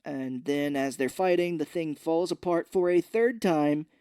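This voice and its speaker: A man's voice: fairly high pitch, warm tone, smooth, no room sound, studio quality. A man co-hosting a podcast, loosely and profanely recapping a movie's plot in casual chat. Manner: loose, profane retelling with quick acted quotes. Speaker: podcast co-host.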